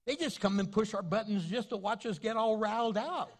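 Older male preacher, high voice, playful storyteller, laughs at his own jokes. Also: fairly quick. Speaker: pastor. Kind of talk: sermon.

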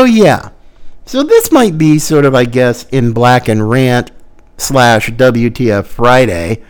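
A man hosting a podcast, delivering an emphatic, sarcastic opinion monologue. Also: medium pitch. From Florida. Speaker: podcast host.

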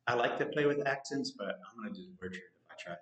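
Male co-host, casual rambling joker, average pitch, roomy echo. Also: very fast, a bit bright. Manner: rambling, joking, many fillers and restarts. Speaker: podcast co-host. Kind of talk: casual podcast chat.

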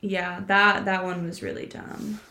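A woman's voice: lowish voice, level tone, unhurried, sharp tone. A woman in her twenties co-hosting a podcast, rambling through stories in casual chat with lots of filler words. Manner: rambling storytelling with many "like" fillers. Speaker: podcast co-host.

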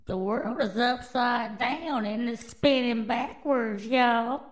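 A woman hosts her own podcast, reading news headlines and riffing on them. She talks slowly in a fairly high voice. Her delivery is brash, drawling and full of swearing. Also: rough recording. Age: adult, with children. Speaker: podcast host. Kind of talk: casual news commentary.

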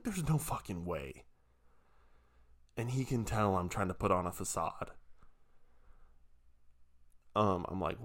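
A young man, a podcast co-host, telling a long story in a hushed, drawn-out way and swearing freely. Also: on the low side. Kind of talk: casual storytelling.

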